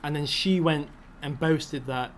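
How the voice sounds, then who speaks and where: A man's voice: fairly high pitch, measured pace, slight background noise. A young man hosting a podcast in casual chat, rambling and restarting his sentences and laughing often. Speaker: podcast host.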